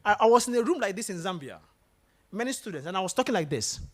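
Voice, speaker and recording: A man's voice: high-pitched, quick pace. A man giving a motivational talk to students in a lecture room, storytelling and firing questions at the audience. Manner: animated, asks the room questions. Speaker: guest speaker.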